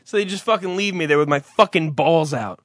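A man's voice: a little high, brisk, background noise. A man in casual chat, ranting through a story with lots of swearing and exasperation.

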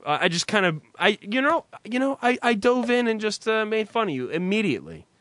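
A man's voice: sits high, very animated, a little fast, a bit bright, no room sound. A man hosting a podcast, sarcastic and profane, teasing his co-host and laughing a lot. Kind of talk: casual chat.

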